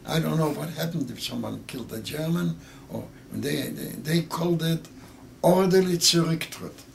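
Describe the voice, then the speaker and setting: A man in his eighties with Yiddish as his first language, telling a story with halting, repeated words that grow emotional. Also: a little high, vocal fry, slight background noise. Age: 80s. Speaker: interviewee. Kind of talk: oral history interview.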